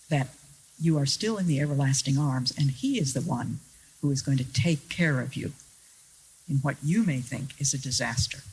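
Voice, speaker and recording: A Christian speaker, a woman with a low, breathy-edged voice, preaches a sermon to an audience in an earnest, deliberate way, using wry rhetorical questions and stressing key words. The recording is rough.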